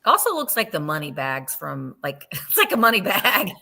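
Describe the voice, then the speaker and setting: A woman's voice: deep voice, huge pitch swings, normal speed, gravelly, bright, forceful tone. A middle-aged woman hosting a live vintage sale, chatting casually and gushing as she describes each item at length.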